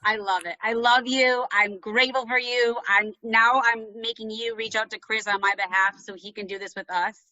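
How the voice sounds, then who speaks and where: A woman's voice: fairly high pitch, steady tone, normal speed, hardly any pauses, sharp tone, no echo, highs cut off. A woman hosting a podcast, talking casually and gratefully with her guest. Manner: effusively grateful. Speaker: podcast host. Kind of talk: casual interview talk.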